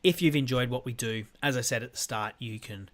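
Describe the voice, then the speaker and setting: A man's voice: mid-range voice, a little fast. A man hosting his own podcast from a room at home, chatting loosely with lots of fillers. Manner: chatty, rambling with fillers and restarts. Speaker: podcast host. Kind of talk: casual solo podcast sign-off. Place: home room with weights and a guitar.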